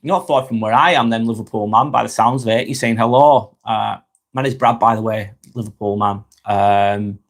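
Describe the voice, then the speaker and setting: Speaking at a normal speed with a fairly low pitch, this man from Lancashire in Northwest England has a Northern English accent. On his relaxed live stream he reads viewer comments aloud and responds, frequently tripping over words and letting sentences fade softly away.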